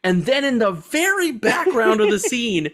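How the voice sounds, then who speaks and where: A man in his forties co-hosting a podcast, chatting about a movie in an excited, profane way. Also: very high-pitched, normal speed. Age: 40s. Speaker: podcast co-host. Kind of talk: casual movie chat.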